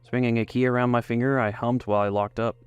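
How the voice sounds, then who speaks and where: A man's voice: mid-range voice, little pitch movement, quick pace, clear, resonant tone, no room sound, muffled recording, faint music behind. A man narrating a first-person romance story in an emotive reading style.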